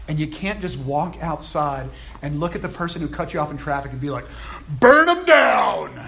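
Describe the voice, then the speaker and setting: A male pastor preaching a sermon in a conversational, animated way, with playful asides, at a church service. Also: fairly high pitch, a little fast, a little hiss or hum.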